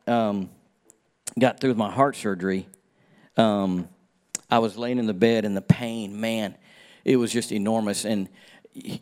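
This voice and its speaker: Folksy man preaching a story sermon. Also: medium pitch. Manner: storytelling, shifts between hushed and emphatic. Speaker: pastor.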